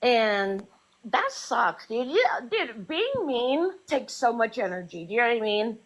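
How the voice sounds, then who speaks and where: A woman's voice: fairly high pitch, very animated, unhurried, fairly bright tone, rough recording. A woman in a casual live group chat, talking in a flustered, apologetic way with many restarts. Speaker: live stream guest.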